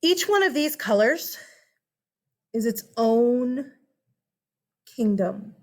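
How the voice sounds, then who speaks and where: An American woman giving a casual, animated history lesson, chatty and full of asides and check-ins. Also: fairly high pitch, takes it slowly. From United States. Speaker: history teacher. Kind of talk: casual classroom-style lecture.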